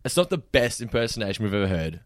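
A man's voice: on the low side, very animated, fast, no echo, clean studio sound. An Australian man co-hosting a podcast, chatty and teasing with frequent laughs. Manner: giggly, teasing. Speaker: podcast co-host. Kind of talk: casual chat.

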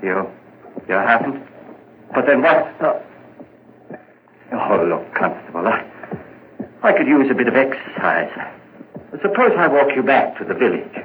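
A nervous murderer, stammering and breaking into frantic confession. His pitch swoops widely from line to line. It is an old radio drama with muffled sound and a steady hiss. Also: unhurried, pauses often. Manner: stammering, rising to hysterical. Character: frantic guilt-ridden male murderer, nervous. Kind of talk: 1940s radio acting.

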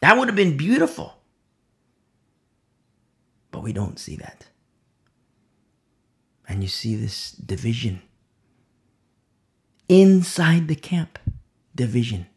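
A man preaching a verse-by-verse sermon who swings from loud emphasis to hushed whispers and repeats key phrases for weight. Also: medium pitch, very animated, takes it slowly, long pauses. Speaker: preacher leading a Bible study.

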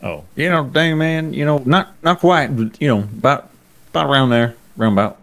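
A man's voice: medium pitch, normal speed, a bit bright, natural voice. A man putting on a folksy drawling drifter. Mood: evasive. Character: drawling easygoing young male drifter.

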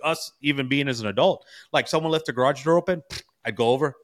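A man in his forties from California, chatting on a podcast with a middle-range voice. He spins loose, animated stories and keeps dropping slangy asides to his co-host. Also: mid-range voice, quick pace. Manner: animated storyteller, slangy with bro and you know. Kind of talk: casual chat.

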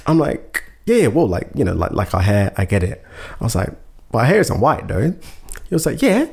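A man's voice: mid-range voice, moderate pace, vocal fry, slightly rough. A man chatting casually, telling a funny story and acting out what people said. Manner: animated, laughing storyteller who acts out quotes.

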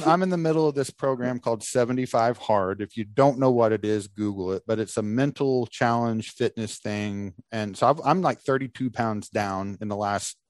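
A man hosting a casual podcast, telling a story with lively acted-out quotes. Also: on the low side, no room sound, studio quality. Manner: animated storyteller acting out quotes. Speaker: podcast host.

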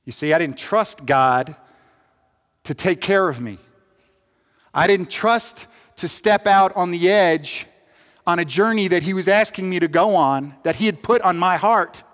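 A man giving an earnest personal testimony, swinging between upbeat energy and hushed, heavy reflection. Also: sits high, measured pace. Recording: long hall reverb.

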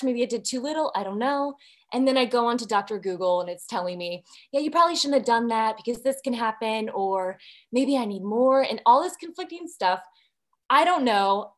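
A woman with a slightly raised pitch tells a personal story as a podcast guest. She speaks candidly and with life, and often slips into voicing what she was thinking at the time. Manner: candid and lively, acting out her own past thoughts.

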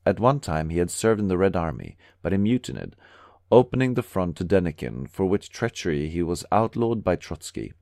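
A man reading a historical memoir aloud in a steady, measured narration. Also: low voice, creaky, no room sound, clean studio sound. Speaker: audiobook reader. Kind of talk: scripted narration.

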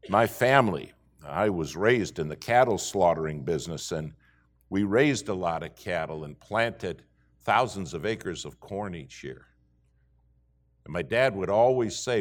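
A man's voice: sits low, moderate pace. A middle-aged man preaching a sermon, folksy and full of homespun stories. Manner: folksy, animated storytelling preacher. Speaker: pastor.

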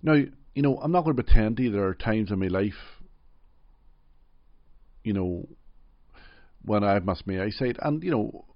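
Deep gravelly Derry man, reflective. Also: animated, unhurried, pauses often, no room sound, highs cut off. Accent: Derry, Northern Irish. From Northern Ireland. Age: middle-aged. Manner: gentle, reflective, frequent "you know". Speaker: interview guest. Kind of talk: personal storytelling in an interview.

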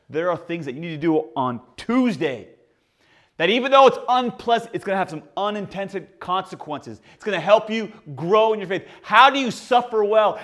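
A man in his forties preaches a sermon, his voice sitting a bit higher than most men's. He tells stories with animated swings in pitch and loudness. He calls out to the congregation and leads them in prayer. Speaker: pastor.

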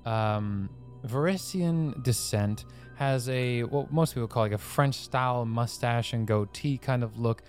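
A man running a tabletop game, describing scenes in an unhurried way with frequent fillers. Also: mid-range voice, darkish tone, faint music behind. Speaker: game master.

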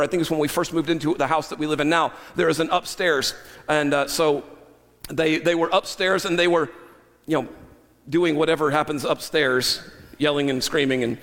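Male pastor preaching, high voice, long echo off the church walls, goes from loud to hushed, a bit of dry humor. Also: fairly quick. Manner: animated preaching, swinging from loud emphasis to quiet, intimate asides; wry humor. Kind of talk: sermon. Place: church sanctuary. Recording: long hall reverb.

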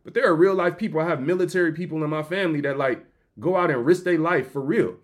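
A man hosts a faith-based podcast in a fairly high voice. He tells comedic stories in an animated, slangy way. He keeps slipping into little acted-out voices. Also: fast talker. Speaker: podcast host. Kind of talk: comedic motivational storytelling.

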